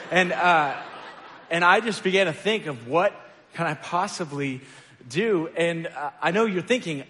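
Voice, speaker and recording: This man's voice sits high, with a fairly bright tone and moderate pace, and long reverb fills the echoey hall. His sermon is casual and conversational, built on lightly self-deprecating personal stories packed with fillers.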